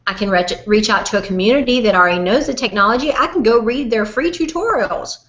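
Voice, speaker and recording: Southern woman business coach, bright, forceful and folksy, on a dull lo-fi webinar recording. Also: on the high side, fast. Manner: animated, folksy and direct, calls listener "honey". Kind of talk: motivational webinar talk.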